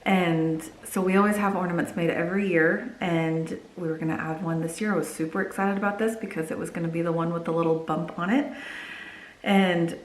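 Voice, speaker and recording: A young woman vlogger chatting casually to camera, telling stories in a lively way. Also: on the low side, a little fast. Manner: chatty storytelling, lively when quoting. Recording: echoey room.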